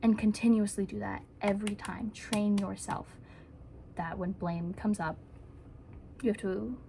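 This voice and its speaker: A woman's voice: mid-range voice, fairly even intonation, a little slow, gravelly, mellow, a little hiss or hum. A woman giving earnest, rambling self-help advice to camera in a casual vlog, with playful asides.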